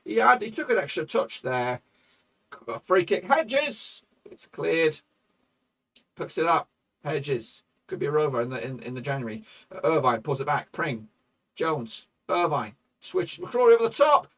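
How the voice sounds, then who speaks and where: A man with a gravelly, slightly high voice calls the action of his football management game, getting loud and swearing freely. He sits a little back from the microphone. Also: a little slow, recorded from a distance. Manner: excitable, swearing, shouts at goals. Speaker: gaming YouTuber. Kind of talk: live commentary over a football management game.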